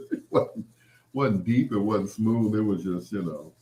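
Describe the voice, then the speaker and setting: Animated deep-voiced man storytelling. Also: measured pace. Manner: animated, laughing, full of "you know" asides. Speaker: podcast host. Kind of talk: storytelling monologue.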